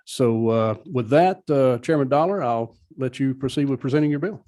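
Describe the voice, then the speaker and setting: A man's voice: medium pitch, moderate pace, mellow. A man chairing a legislative committee hearing, giving procedural reminders with frequent uhs.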